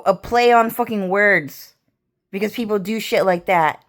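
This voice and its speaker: A woman's voice: medium pitch, clear, resonant tone. A woman vlogger ranting casually, rambling and swearing as she repeats herself. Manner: rambling, profane, repetitive.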